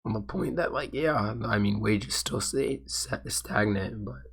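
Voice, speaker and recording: A man who is sick and losing his voice streams himself reacting to a video, rambling casually, hesitant and full of restarts. His voice is fairly low, creaky and husky yet fairly bright, and a little slow.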